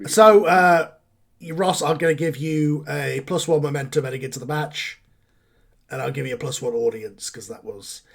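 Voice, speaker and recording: A man's voice: a little high, normal speed, gravelly. A man running a tabletop wrestling game as game master, talking casually and thinking aloud.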